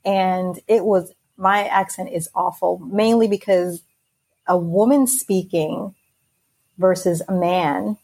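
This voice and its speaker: A woman hosting a podcast in casual interview chat, lively and quick to laugh. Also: fairly low pitch, creaky, slightly rough. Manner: laughs often, lively and friendly. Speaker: podcast host.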